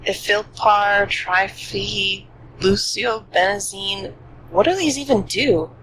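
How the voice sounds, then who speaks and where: A game streamer reading a visual novel's dialogue aloud in an animated way. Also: medium pitch, takes it slowly, a little hiss or hum, rough recording.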